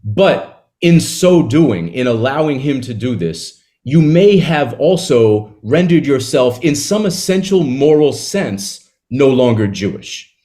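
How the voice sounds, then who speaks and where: A man in an interview, talking casually about a book he wrote, retelling its scenes with quick asides. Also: mid-range voice, animated, warm tone. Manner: conversational, retells scenes with quick acted quotes and laughs. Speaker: author discussing his novel.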